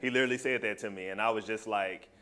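In a quick, lowish voice, a man tells a small group the story of his personal testimony. His telling is relaxed, lively and full of feeling.

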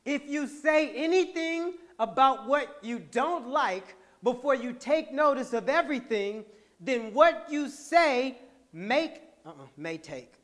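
A man hosting a podcast, giving an animated, laughing, preacher-like motivational talk to a live audience. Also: very high voice, slow pace. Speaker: podcast host and speaker.

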